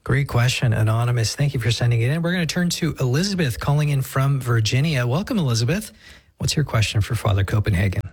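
Radio host guy, kinda husky, brisk and friendly, bringing the next caller on. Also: medium pitch, animated, a little mellow. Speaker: radio call-in show host. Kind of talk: hosting call-in radio.

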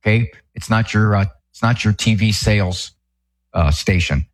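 A man's voice: on the low side, moderate pace. An older man giving folksy, emphatic advice on a radio talk show in a studio, repeating his key points.

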